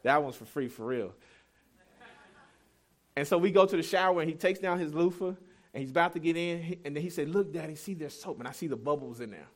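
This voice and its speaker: A man's voice: a little high, brisk, pauses often. A man in his thirties preaching a sermon as pastor, telling a family story in a candid, self-deprecating, conversational way.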